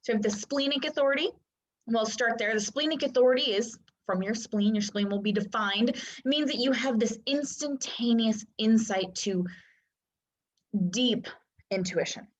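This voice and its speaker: A woman's voice: fairly high pitch, moderate pace. A young adult woman coaching in casual talk, full of "like" and "right?", acting out inner voices with whispers and gasps. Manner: chatty, lots of "like" and "right?" fillers. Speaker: human design coach. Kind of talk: casual teaching monologue. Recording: dull lo-fi sound.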